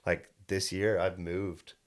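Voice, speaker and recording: A young man in his twenties, a podcast co-host who sells solar, tells a personal story in casual chat, earnest and rambling with many restarts. His low voice is flat and slow.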